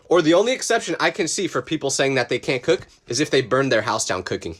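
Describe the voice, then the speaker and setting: A man's voice: mid-range voice, big pitch swings, fast, hardly any pauses, fairly bright tone, reverberant. A young man telling funny stories as a gaming channel host, emphatic and full of incredulous rhetorical questions. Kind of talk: scripted storytime narration over gameplay.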